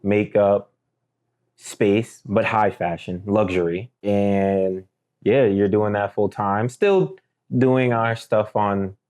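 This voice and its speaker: A man's voice: on the low side, steady tone, slow, darkish tone. A young man co-hosting a casual podcast, laid-back and joking. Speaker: podcast co-host. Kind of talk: casual chat.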